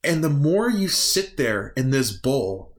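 A man's voice: mid-range voice, sing-song, takes it slowly. Young guy running a tabletop game, rambly and giggly, voice jumps around a lot. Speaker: game master.

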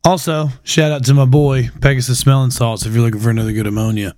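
Male podcast host, relaxed and offhand, dry room. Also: medium pitch, quick pace, dry recording. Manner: easygoing, plugs sponsors offhand. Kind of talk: casual interview chat.

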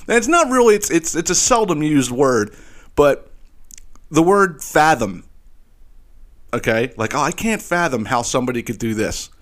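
A man hosting a solo podcast, ranting in a profane, animated way with laughing asides and repeated "you know what I mean". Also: medium pitch, normal speed. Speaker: podcast host.

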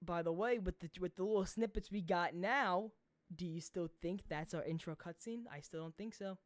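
A man's voice: high-pitched, moderate pace, no echo. A young man co-hosting a casual gaming podcast, rambling with lots of fillers and swearing. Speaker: podcast co-host.

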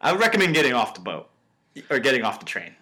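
A man's voice: mid-range voice, fast talker. A young man co-hosting a podcast, chatting casually and acting out the scenes he retells. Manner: animated storytelling, acts out quotes. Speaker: podcast co-host. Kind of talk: casual chat.

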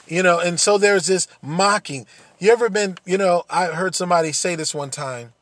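A man's voice: high voice, moderate pace, a bit bright, dry recording. A man preaching a sermon, earnest, repeating phrases and building to emphatic peaks.

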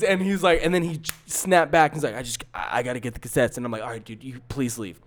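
A man's voice: mid-range voice, steady tone, quick pace, few pauses. A man co-hosting a podcast, telling a story in casual chat and acting out the quotes, with many restarts. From San Francisco area. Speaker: podcast co-host.

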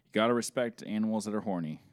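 A man's voice: on the low side, rapid-fire, dry recording. A man co-hosting a podcast in casual chat, rambling and swearing freely, sometimes acting out the people he quotes. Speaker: podcast co-host.

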